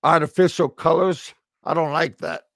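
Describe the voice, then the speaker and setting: A man's voice: fairly high pitch, steady tone, normal speed, a bit bright, no room sound. A middle-aged American man vlogging, rambling through a humorous monologue, stammering and repeating his words with frequent chuckles. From United States. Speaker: expat vlogger.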